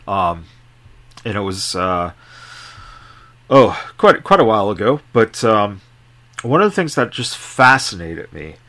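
A man's voice: lowish voice, a bit bright. A man hosting a podcast interview, rambling through his questions with fillers and asides. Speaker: podcast host. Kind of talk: casual interview chat.

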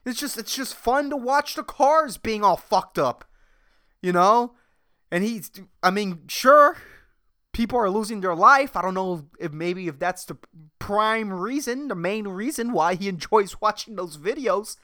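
A man hosts a casual solo podcast, ranting and rambling with plenty of swearing. His pitch swings widely, and his voice is bright and clear. The recording is dry and close. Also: expressive, measured pace, no room sound. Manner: profane, rambling, exasperated ranting. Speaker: podcast host.

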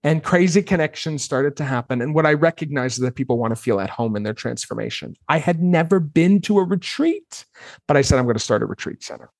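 A man in his thirties, a guest on an interview podcast, telling his story in a casual, animated way and acting out his own past reactions. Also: fairly high pitch, brisk, no room sound, clean studio sound.

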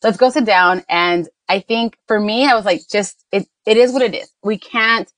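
A woman's voice: mid-range voice, moderate pace, fairly bright tone, no room sound. A woman on a mom podcast, telling a family story in casual chat and slipping into Spanish phrases. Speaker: podcast co-host, mother.

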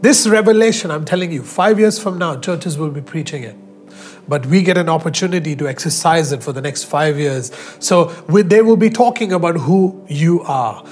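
A high-pitched male pastor delivers a sermon with fervent emphasis. He slows right down to stress the words he cares about. Soft music plays faintly underneath. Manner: emphatic, drawn-out preaching with slow stressed phrases.

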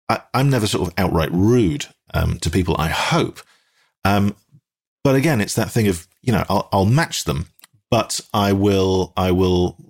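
A British man chatting as a podcast guest, rambling with many ums and restarts and livening up when he acts out little exchanges. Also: fairly low pitch. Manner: animated when acting out quoted exchanges. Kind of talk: casual conversation.

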